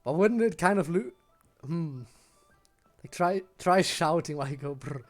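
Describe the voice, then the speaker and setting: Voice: medium pitch, lively intonation, measured pace, faint music behind. A game streamer chatting casually and self-consciously with viewers late at night, giggling often and sounding tired. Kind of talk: casual live-stream chat while gaming.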